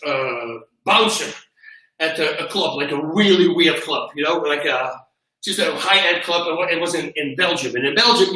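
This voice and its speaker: Animated man telling stories in an echoey gym. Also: fairly high pitch. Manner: animated storyteller who acts out quotes loudly. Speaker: host and martial arts coach. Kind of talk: casual storytelling on a livestream. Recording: echoey gym, far from mic.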